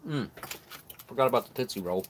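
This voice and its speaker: A man's voice: medium pitch, a little fast, noisy background. A man reviewing old military rations on a live stream, chatting casually and eating as he talks. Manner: relaxed, chatty, talks while chewing. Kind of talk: live stream food tasting.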